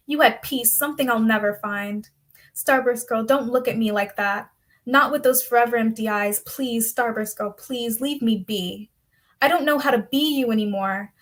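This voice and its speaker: A woman performing her own spoken-word poems in a poetry competition, with an intense, dramatic recitation. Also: a little high. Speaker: poet competitor.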